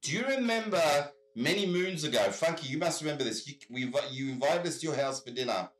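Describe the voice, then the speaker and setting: Bright, animated man on a video call. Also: fairly high pitch, fast, reverberant. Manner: animated storyteller, swears freely. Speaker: guest. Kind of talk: casual chat.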